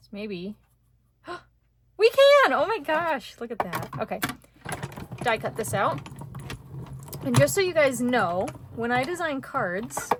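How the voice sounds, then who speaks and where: A woman teaching card making in a casual, chatty way, thinking aloud as she works and getting excited over small wins. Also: on the high side, background noise. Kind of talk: casual craft tutorial chat.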